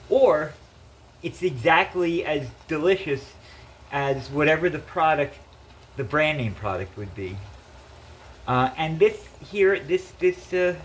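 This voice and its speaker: A man's voice: a little high, a bit bright, a little hiss or hum, poor audio. A man casually chatting in his home kitchen while cooking, rambling with lots of fillers. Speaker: home cook vlogger.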